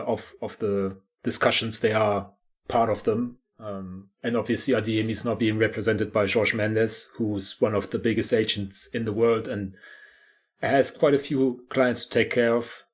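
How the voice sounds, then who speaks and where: A man co-hosting a podcast in casual discussion, explaining things in a measured way. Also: on the low side. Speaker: podcast co-host.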